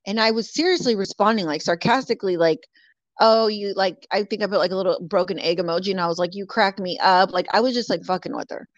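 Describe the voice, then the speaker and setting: A woman's voice: medium pitch, fast talker, no echo. A woman from California telling a story in casual chat, bluntly, with lots of swearing and "like" fillers. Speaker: guest. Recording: dull lo-fi dry audio.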